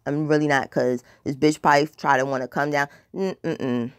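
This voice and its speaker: A woman's voice: low voice, fairly even intonation, moderate pace, no room sound, clean studio sound. A woman telling a casual personal story in a blunt, profane, dramatic way, rambling with filler words. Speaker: storytime vlogger.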